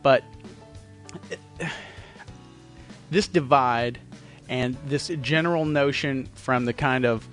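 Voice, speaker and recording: Man, podcast host, heated rant, cursing, mid-pitched voice. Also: slow, long pauses, faint music behind. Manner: profane, heated, swings into loud mocking voices. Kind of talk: casual opinionated rant. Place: Myrtle Beach, South Carolina.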